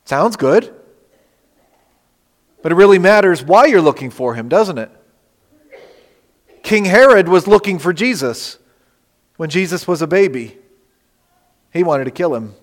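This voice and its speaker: Male pastor, sermon, somewhat high voice, dynamic delivery from loud to hushed, long church-hall reverb. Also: lively intonation, measured pace, long pauses. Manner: dynamic preaching, swinging between loud emphasis and soft near-whispers. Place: church sanctuary.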